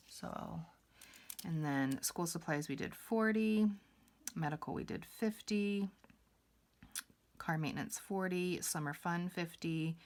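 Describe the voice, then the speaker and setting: A woman's voice: on the low side, gravelly. A young woman chatting casually through her budget on camera, rambling with fillers and a little out of breath. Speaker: budgeting vlogger.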